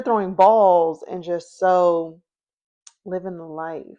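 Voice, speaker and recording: A woman hosting a history podcast tells her story slowly, chatty and informal, and keeps checking in with listeners. Her voice sits a little low, warm in tone, with fairly even intonation.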